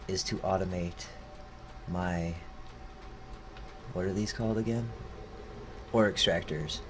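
Deep-voiced profane man gaming. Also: noisy background. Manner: profane, joking, laughs often. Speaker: gaming channel host. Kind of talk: casual gameplay commentary.

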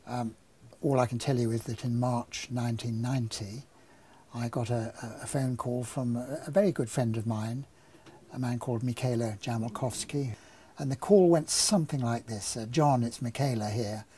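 A man's voice: mid-range voice, moderate pace, a little hiss or hum. An older man, an engineer, telling an anecdote and then explaining a problem with a live model demonstration. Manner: anecdotal, relaxed storytelling.

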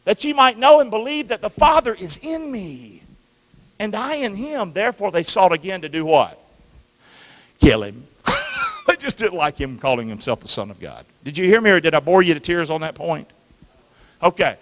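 A man preaching a sermon to his congregation as their pastor, with animated delivery and frequent call-and-response questions to the listeners. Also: high voice, moderate pace. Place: church sanctuary. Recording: long reverb of a church hall.

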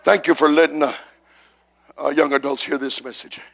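A male pastor preaching a sermon at a church service, repeating phrases and rising to shouts as he calls on the congregation to respond. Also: a little high, steady tone, normal speed, vocal fry. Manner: repetitive call-and-response preaching, builds to shouts.

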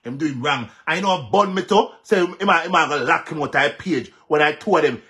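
A man's voice: a little high, a little fast, few pauses, pushed and bright. A man with a Jamaican accent giving heated commentary on a vlog, repeating himself for emphasis and mixing patois with English. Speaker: social media commentator.

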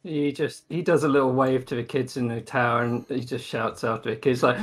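A man's voice: mid-range voice, fairly even intonation, a little fast, hardly any pauses. A man playing a tabletop game, casual and playful, with restarts and laughter. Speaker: player.

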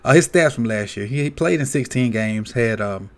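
A man hosting a casual sports countdown video, talking loosely with many fillers and restarts. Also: medium pitch. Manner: relaxed, halting, many "uh" and "um" fillers. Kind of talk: casual sports commentary vlog.

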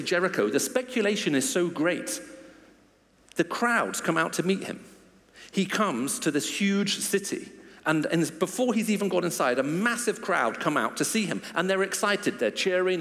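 A man's voice: a little high, a bit bright. A man giving a sermon, reading scripture and then retelling the story with emphasis. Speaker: preacher. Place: church hall. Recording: long reverb of a large church.

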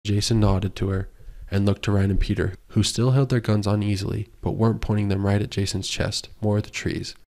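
A man narrating a romance audiobook in a measured storytelling manner. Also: on the low side, flat delivery, a little mellow. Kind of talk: scripted narration.

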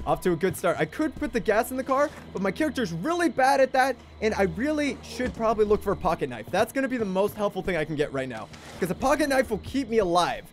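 A young man giving excitable, jokey gameplay commentary and babbling repeated exclamations. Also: high voice, fast talker, hardly any pauses, background noise. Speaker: gaming YouTuber.

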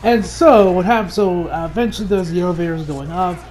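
A man giving a casual, animated episode recap, often laughing and acting out the characters' lines. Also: sits high, fairly quick. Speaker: anime reviewer.

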